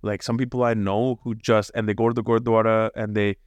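A young Canadian man co-hosting a podcast, talking with passion and preaching hard, swearing freely and jumping to high emphatic peaks. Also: little pitch movement, a little fast, clear, resonant tone, no echo, muffled recording. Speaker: podcast co-host. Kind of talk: casual podcast chat.

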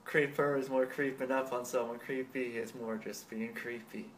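A man's voice: medium pitch, steady tone, moderate pace. Man, podcast host, casual chat, slangy, curses a lot, mid-range voice, faint background noise. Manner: laid-back, slangy, swears freely.

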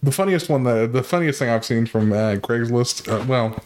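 A man's voice: medium pitch, normal speed, a little mellow, slight background noise. Dry-humored young man, casual chat. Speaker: podcast co-host.

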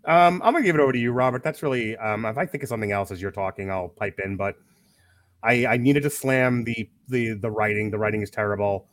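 A man's voice: on the low side, fast, dry recording. Frank, swearing man in a dry podcast chat. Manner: frank, swears freely, restarts sentences. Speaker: podcast co-host film reviewer. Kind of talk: casual film review chat.

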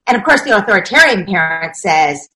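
A woman's voice: mid-range voice, very animated, fairly quick, bright, forceful tone, rough recording. A woman speaking as a parenting expert in a conversational interview, explaining ideas emphatically and often acting out what parents and children say.

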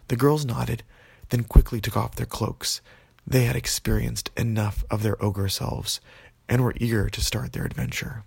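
A man narrates a children's fantasy tale in a gentle, easygoing manner. His voice is gravelly and a bit husky at a middle pitch. The recording is dry and close. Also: steady tone, normal speed, dry recording. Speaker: storyteller. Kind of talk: children's bedtime story narration.

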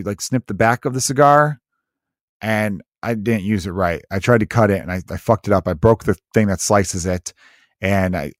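A man's voice: on the low side, no echo, clean studio sound. A man in his mid-thirties riffing in a casual, sarcastic, profane comedic monologue as a podcast host. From United States. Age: 30s. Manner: rambling, profane, sarcastic storytelling.

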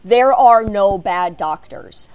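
A woman from Chicago with an American accent, telling animated stories as a fan on a panel before a live audience. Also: medium pitch, takes it slowly. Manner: expressive, animated storytelling.

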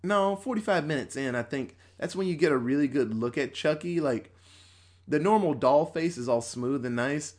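A man in his thirties, a podcast host, chatting casually and profanely, acting out bits in quick voices. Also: fairly high pitch, animated. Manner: loose and profane, acts out quotes. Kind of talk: casual chat.

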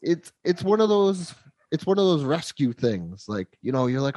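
A man's voice: medium pitch, animated, normal speed, darkish tone, no echo. A man in his thirties chatting casually and enthusiastically about a movie he loves. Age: 30s. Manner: enthusiastic, nostalgic fan talk. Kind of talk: casual chat.

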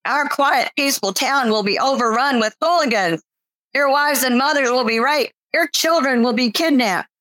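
A woman's voice: fairly high pitch, animated, measured pace, fairly bright tone, no echo, voice pushed up, rough recording. A woman reading aloud from her novel and voicing a pompous, ranting male preacher-politician who stirs up a crowd. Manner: bombastic, self-pitying, demagogic.

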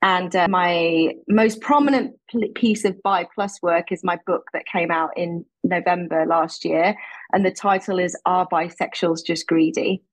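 Brief: British woman, husky voice, chatty podcast guest on a dry remote line. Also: on the low side, fairly even intonation, measured pace, no room sound, low-quality recording. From Britain. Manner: chatty, laughs often. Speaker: guest, advocate. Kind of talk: casual podcast interview. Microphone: remote call.

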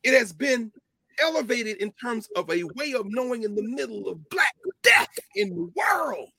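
A man giving an impassioned lecture with a preacher-like cadence, repeating phrases for emphasis and swinging from low murmurs to loud, emphatic peaks. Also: very animated, normal speed, gravelly, husky, dry recording, clean studio sound. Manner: informal, with y'all and ain't. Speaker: lecturer speaking to a group.

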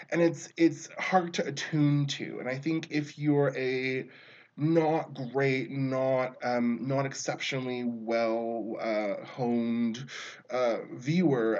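A man's voice: mid-range voice, a little mellow, lo-fi sound. A man talking through a film review in a casual, rambling way, often breaking off mid-sentence and laughing.

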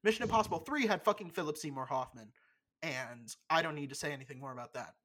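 Young podcast cohost, blunt hot takes, swears a lot, lots of uh and um, mid pitch. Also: lively intonation, a bit bright, a little hiss or hum. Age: young adult. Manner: blunt, opinionated, swears freely; loose, halting delivery with many fillers. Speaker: podcast co-host. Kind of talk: casual chat.

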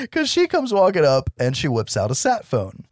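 A man's voice: high voice, wildly swooping pitch, measured pace, breathy edge, no echo, clean studio sound. A man co-hosting a casual film podcast, swearing freely, laughing often and acting out lines from the movie. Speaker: podcast co-host.

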